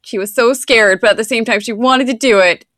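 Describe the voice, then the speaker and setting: Slightly high and a little fast, with a fairly bright tone, this thirtysomething podcast co-host rambles through casual chat loaded with fillers. The recording is studio quality, with no room sound.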